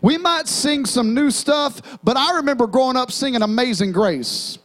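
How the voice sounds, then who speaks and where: A young man preaches in a church with a strikingly high voice. He calls out to the congregation and slips into half-sung hymn lines as he goes. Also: normal speed, few pauses, fairly bright tone. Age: young adult. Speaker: pastor. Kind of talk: sermon. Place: church sanctuary.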